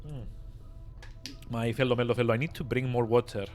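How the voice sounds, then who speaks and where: A man livestreaming and chatting casually with viewers, excitable and laughing, his voice slightly hoarse. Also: medium pitch, fairly quick, soft background music. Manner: chatty, excitable, laughs often, many fillers.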